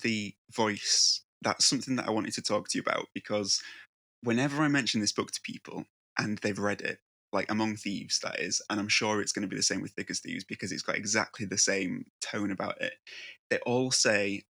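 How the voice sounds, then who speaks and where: A man's voice: lowish voice, steady tone, fairly quick, vocal fry, bright, forceful tone. A man hosting a casual interview, asking rambling, hesitant questions. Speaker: interview host.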